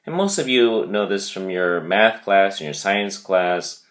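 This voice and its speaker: A male teacher giving a vocabulary lesson, speaking deliberately and repeating key words. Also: sits low, lively intonation, a bit bright.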